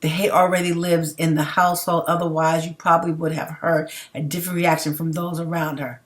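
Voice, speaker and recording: Woman, low-pitched, emphatic, casual commentary, reads out comments. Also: flat delivery, a little fast. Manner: outspoken, emphatic, laughs between points. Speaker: livestream commentator.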